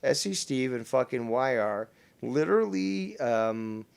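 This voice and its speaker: A young man hosting an online commentary chat, with a gravelly, fry-laden voice that swings up and down in pitch. He talks in an incredulous, heavily profane way throughout. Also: expressive, measured pace. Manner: incredulous, swears constantly. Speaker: podcast host.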